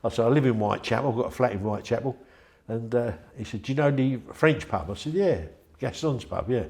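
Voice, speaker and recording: A man's voice: mid-range voice, fast talker, gravelly, darkish tone. An older man, telling a rambling, chatty story in an interview and acting out the voices of the people in it. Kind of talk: anecdotal storytelling.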